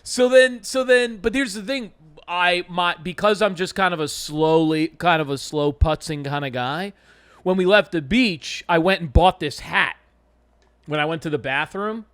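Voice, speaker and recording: Young adult male co-host, higher-pitched, rambling anecdotal storyteller. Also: moderate pace, a bit bright, clean tone. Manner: rambling anecdotal, swears casually, acts out quotes. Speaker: podcast co-host. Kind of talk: casual storytelling chat.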